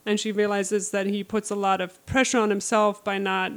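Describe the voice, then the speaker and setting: Woman, co-host, casual chat, animated storytelling, smooth clear voice. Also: medium pitch, moderate pace. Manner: animated storytelling, acts out lines in quotes. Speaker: podcast co-host recapping a book.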